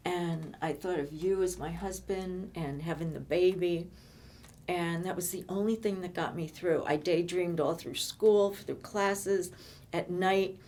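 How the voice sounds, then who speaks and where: An older woman recounting her own past in a relaxed conversation. Her voice sits fairly low, and she speaks in halting bursts, often repeating words and starting over. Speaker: interviewee. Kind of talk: personal storytelling conversation.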